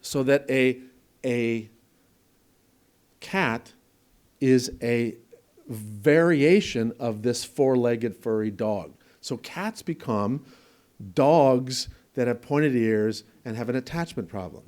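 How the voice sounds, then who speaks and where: Man giving a lively lecture. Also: mid-range voice, takes it slowly. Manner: conversational, explains with examples and asides; repeats words for emphasis. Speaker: presenter at a training event. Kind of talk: conference lecture. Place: presentation room with an audience.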